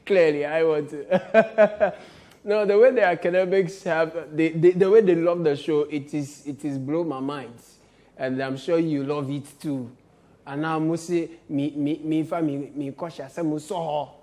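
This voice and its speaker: A man's voice: on the high side, fairly even intonation, unhurried. A man hosting a satirical comedy show, joking and laughing often as he talks. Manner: playful, laughs often, mock shouting. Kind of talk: comic satirical commentary.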